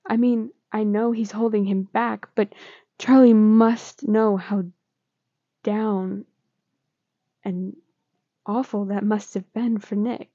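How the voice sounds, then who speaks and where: A scared, confused teenage boy, read by a woman speaks in halting pleas. The voice is gravelly and warm, close and dry. The sound is dull and lo-fi. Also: medium pitch, level tone, no echo. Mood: pleading.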